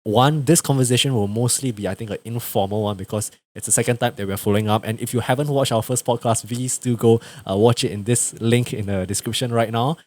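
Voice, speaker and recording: A young man with a Singaporean English accent introduces his podcast guest over an internet call. His voice sits at an ordinary middle pitch, and he talks in a loose, friendly way, with plenty of fillers and small laughs. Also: quick pace, few pauses. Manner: relaxed, chatty, with frequent fillers and laughs. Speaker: podcast host. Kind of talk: casual podcast conversation. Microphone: video call over the internet.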